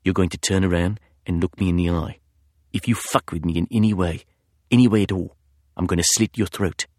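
A man doing a husky, menacing British-sounding thug. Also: deep voice, fairly even intonation, fairly quick, a little mellow, no room sound, clean studio sound. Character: menacing big male intruder, cold.

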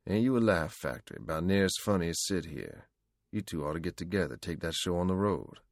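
A man reading an audiobook, voicing a sullen, wisecracking young man who mutters and then teases quickly and loudly. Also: sits low, animated, no echo, studio quality. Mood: mocking. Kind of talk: audiobook character voice.

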